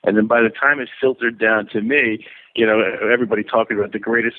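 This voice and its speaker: A man in his fifties from New York speaks with a low voice in a friendly, unhurried storytelling way. He is heard over a thin, tinny phone line as a guest on a call-in interview. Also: fairly even intonation. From New York, USA. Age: 50s. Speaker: author and guest.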